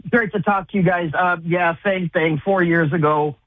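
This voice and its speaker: A man calls in to a radio show in an upbeat, chatty mood. His voice sits in a middle pitch, dry and tinny as if heard over a phone line. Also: steady tone, normal speed, no room sound. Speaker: radio caller.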